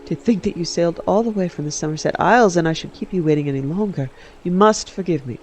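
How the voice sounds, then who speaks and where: A man's voice: on the high side, quick pace, darkish tone, a little hiss or hum, lightly acted. A man reading aloud and voicing an ambitious, scheming queen mother in a cool, cutting manner. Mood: cold, scheming.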